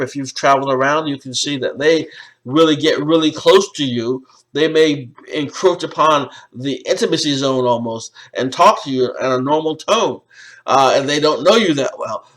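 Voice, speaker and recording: A male college lecturer explaining slides, pausing often on "uh" and restarting phrases. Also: on the high side, fairly bright tone, low-quality recording. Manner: explanatory, with frequent "uh" fillers and restarts. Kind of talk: recorded lecture over slides.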